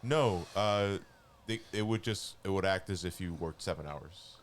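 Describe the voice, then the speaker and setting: Laid-back low-voiced guy swearing casually. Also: unhurried, slight background noise. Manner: loose, swears a lot. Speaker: charity stream co-host. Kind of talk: casual chat.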